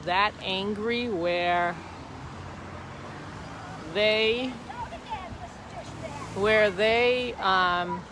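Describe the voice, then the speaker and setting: Speaking slowly and expressively at medium pitch, a woman streams live from a street protest using a phone camera in her own hand. She rambles, repeats herself, and stresses her points, with traffic and wind audible outdoors.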